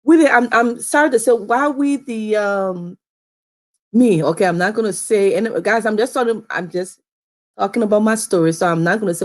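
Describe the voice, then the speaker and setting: A woman's voice: mid-range voice, moderate pace. A young adult woman from Liberia telling a personal story to camera in a chatty, repetitive way, often calling viewers "guys". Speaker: vlogger.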